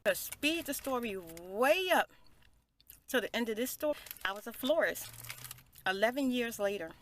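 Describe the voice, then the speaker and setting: A woman's voice: on the high side, lively intonation, normal speed, a bit bright, a little hiss or hum. A middle-aged woman hosting a storytime, talking casually in a rambling, conversational way. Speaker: ASMR storytime host.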